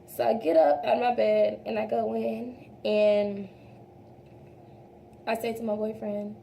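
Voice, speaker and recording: A young woman with a mellow, somewhat high voice and a gravelly fry talks casually through a makeup routine. She chats straight to her viewers, calls them y'all, and often trails off and starts over. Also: fairly even intonation, measured pace, slight background noise. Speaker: beauty vlogger. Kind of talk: casual makeup tutorial chat.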